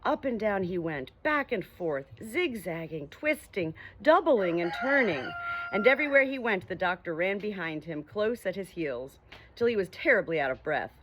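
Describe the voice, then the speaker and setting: A woman reading a children's story aloud with gentle, expressive narration. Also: medium pitch, moderate pace, highs cut off, noisy background. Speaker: audiobook reader.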